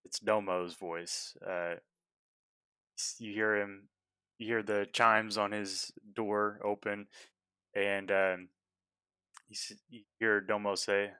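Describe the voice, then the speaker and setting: A man narrating a tabletop game as game master, halting and filler-heavy. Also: lowish voice, level tone, pushed and bright, clear, resonant tone, no echo. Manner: halting, full of fillers and restarts.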